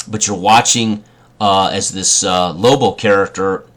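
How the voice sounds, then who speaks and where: A man's voice: low voice, fairly even intonation, unhurried, a bit bright. A man running a tabletop role-playing game as game master, describing scenes with many fillers and restarts.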